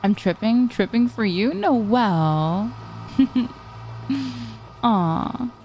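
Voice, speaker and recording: A woman's voice: on the high side, lively intonation, extremely slow, darkish tone. A young woman streamer chatting casually, telling rambling stories full of swearing. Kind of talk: casual chat.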